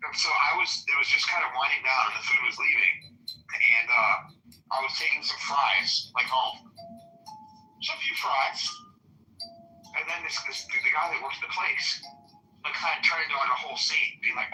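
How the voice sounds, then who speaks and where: A man in casual podcast chat, swearing a lot as he tells an animated story. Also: mid-range voice, moderate pace, long pauses, faint music behind. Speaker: podcast host. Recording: roomy echo, mic at a distance.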